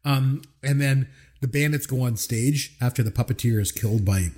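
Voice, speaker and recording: A man co-hosting a podcast, retelling film scenes in an animated, rambling way and laughing often. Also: medium pitch, normal speed. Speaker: podcast co-host. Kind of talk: casual film discussion.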